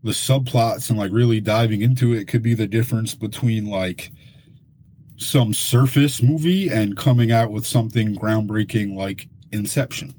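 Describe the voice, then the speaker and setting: A man's voice: lowish voice, moderate pace, mellow, a little hiss or hum. A man co-hosting a podcast in casual chat, opinionated and swearing when he gets frustrated. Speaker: podcast co-host.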